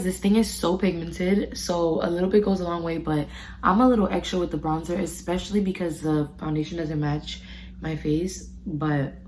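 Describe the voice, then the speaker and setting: A young beauty vlogger in her twenties, with a deep voice, tells a story in slangy, casual chat while doing her makeup for a get-ready-with-me video. She is recorded close up on a phone camera indoors, and the poor audio has a bit of hiss or hum.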